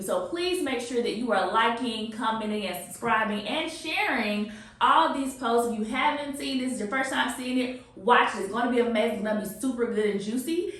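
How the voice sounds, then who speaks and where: Her voice is fairly high and fairly bright as this woman hosts a video podcast from an echoey office. Effusive and prone to rambling, she introduces her guest and keeps the interview chat enthusiastic.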